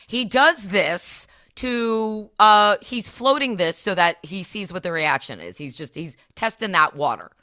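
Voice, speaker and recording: A woman's voice: medium pitch, lively intonation, unhurried, few pauses, bright, forceful tone, dry recording, clean studio sound. A female activist on a radio panel, speaking bluntly and indignantly, with frequent swearing. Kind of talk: casual panel chat.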